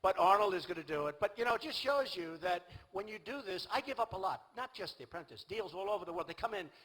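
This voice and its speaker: An older man holds forth at a political rally, boastful and repetitive, looping back to the same points. His voice is husky yet bright and sits high for a man. The speech comes through a rally sound system. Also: animated, fast, low-quality recording. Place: large outdoor rally venue.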